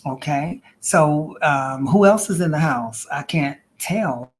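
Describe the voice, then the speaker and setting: A woman's voice: deep voice, expressive, slow. A woman hosting a casual livestream as an intuitive reader, chatty and playful, calling viewers honey and girl.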